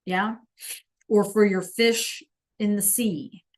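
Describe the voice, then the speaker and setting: A woman teaching a live online language class, slowly sounding out words for students to repeat and encouraging them by name. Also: medium pitch, steady tone. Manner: slow careful enunciation of words for students to repeat. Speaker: Spanish teacher.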